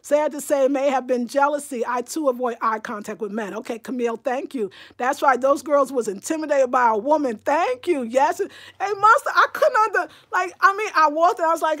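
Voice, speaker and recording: A woman hosting a livestream in casual chat, reading viewer comments aloud and answering them in a talkative, animated way, with bursts of excited exclamation. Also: high-pitched, normal speed. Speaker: livestream host.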